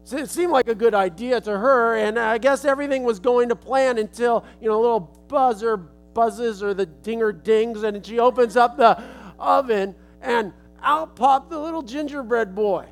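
Male preacher, high-pitched, folksy storytelling sermon, faint instrument music behind. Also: moderate pace, few pauses. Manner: casual, folksy retelling.

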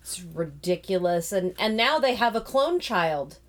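A woman's voice: mid-range voice, big pitch swings, a little slow. A woman in a casual chat, reviewing a movie in an exasperated, scathing and sarcastic way.

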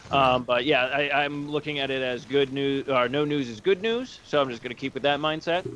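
Bright, tense-edged man telling stories in casual chat; animated, mimics others; faint room noise behind. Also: mid-range voice, fairly quick. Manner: animated storyteller, acts out other voices. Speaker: podcast co-host.

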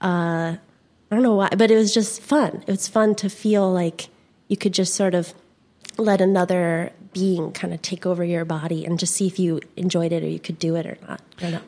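A woman's voice: lowish voice, steady tone, normal speed, warm tone. A young woman from California, a guest in a casual conversation, rambling with many fillers and frequent giggles.

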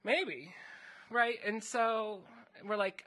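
A man's voice: a little high, measured pace, bright, forceful tone. A man co-hosting a casual podcast chat, retelling a fantasy story in a rambling way with many fillers. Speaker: podcast co-host recapping a story.

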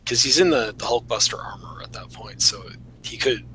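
Bright-voiced, reflective man. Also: mid-range voice, wildly swooping pitch, normal speed, slight background noise, low-quality recording. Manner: reflective, analytical, chuckling. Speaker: podcast co-host. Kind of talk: casual chat.

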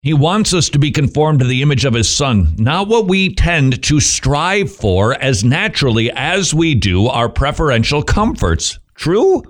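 A man's voice: mid-range voice, big pitch swings, moderate pace, few pauses. A middle-aged man hosting Christian radio, giving a devotional talk with joking asides to himself.

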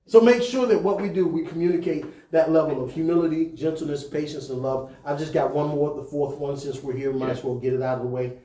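A male pastor preaching to his leaders in an easy, conversational way, then pushing up into emphatic peaks. His voice sits high, and it rings in a reverberant church room. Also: steady tone, fast talker, few pauses, warm tone.

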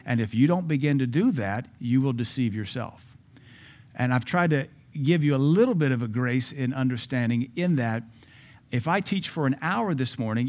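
A man's voice: medium pitch, a little mellow. A man preaching a sermon as pastor at a church service, emphatic and repeating key phrases.

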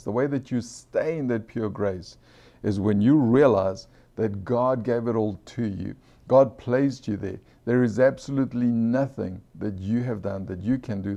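A man delivering an informal sermon in a low, gravelly voice with a dark, mellow tone. He talks earnestly and conversationally, repeating key phrases and putting questions to his listeners. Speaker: preacher.

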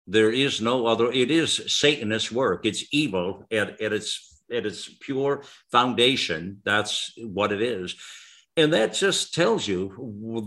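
A man's voice: fairly low pitch, fairly bright tone. A middle-aged man hosting a talk radio show, speaking in an earnest, rambling way full of restarts and fillers.

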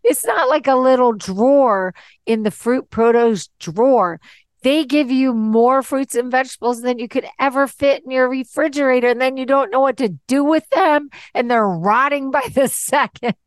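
A woman's voice: high-pitched, normal speed, no echo. A woman hosting a casual podcast, chatty and upbeat, laughing easily as she talks. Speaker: podcast host.

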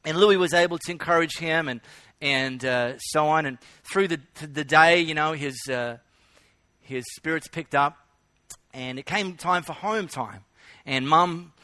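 A male pastor delivers a sermon in a high, bright voice. He tells stories and leans hard on repeated key phrases. The sound is dry and close, with no room echo. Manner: storytelling, emphatic repetition.

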